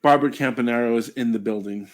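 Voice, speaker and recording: A man's voice: mid-range voice, fast talker. A man co-hosting a casual chat, playful and joking. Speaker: co-host.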